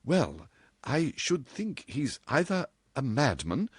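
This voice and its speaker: A man voicing a composed young woman stenographer who speaks in a measured, level way. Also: mid-range voice, wildly swooping pitch, slightly rough, dry recording, studio quality, voice pushed up, heavily acted.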